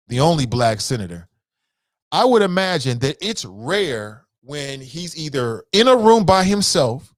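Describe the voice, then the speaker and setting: A man's voice: a little high, dry recording. A man hosting a news commentary show, giving blunt, profane opinions in a casual chat style and speaking straight to his viewers. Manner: blunt, profane, animated, talks to viewers as "fam".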